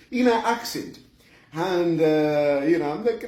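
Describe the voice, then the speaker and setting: A middle-aged Zambian man with a Zambian accent telling a comic personal story, animated and chuckling, with lots of fillers. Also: a little high, unhurried. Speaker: vlogger. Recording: roomy echo.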